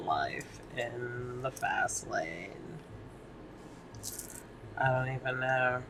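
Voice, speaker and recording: A man's voice: mid-range voice, lively intonation, drawn-out words, pushed and bright, a little hiss or hum, poor audio. A man from Massachusetts chatting casually, laid-back and slangy, swearing and laughing often. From Massachusetts, near Boston. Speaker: podcast co-host. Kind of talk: casual chat.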